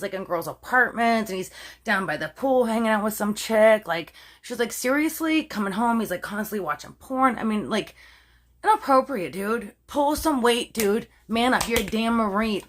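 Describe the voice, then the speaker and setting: Woman, Canadian accent, casual storytelling, chatty, animated, lots of filler words, self-censoring. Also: fairly high pitch, moderate pace. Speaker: true crime storyteller.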